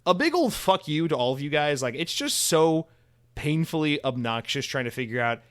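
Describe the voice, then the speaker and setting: A man's voice: on the high side, animated, moderate pace. A man in his thirties hosting a solo podcast alone, rambling casually with sarcastic, profane asides.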